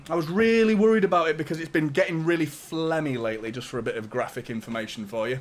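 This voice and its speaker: A man's voice: a little high, fast. A young man hosting a live football watchalong, chatting casually, swearing and reading out viewer messages. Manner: chatty, swears a lot, reads out super chats. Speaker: fan channel host doing a live watchalong. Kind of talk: live match watchalong commentary.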